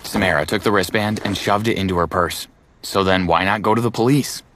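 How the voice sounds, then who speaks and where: A man narrating a first-person story in a measured, dramatic way, with music playing behind. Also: low voice, fairly bright tone, a little hiss or hum.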